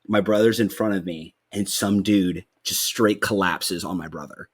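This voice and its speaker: A man's voice: low voice, steady tone, moderate pace, slightly rough. A young man hosting a podcast, chatting casually, rambling with lots of fillers and swearing freely. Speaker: podcast host. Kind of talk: casual chat.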